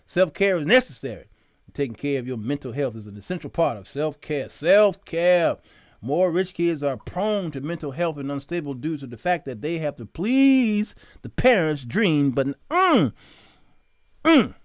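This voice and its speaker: A man hosting a live talk show, telling stories in an animated way with preacher-like emphasis. His voice sits fairly high and leaps up and down as he talks. The sound is dry and close. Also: moderate pace, no echo. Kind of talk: live talk show monologue with chat shout-outs. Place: studio.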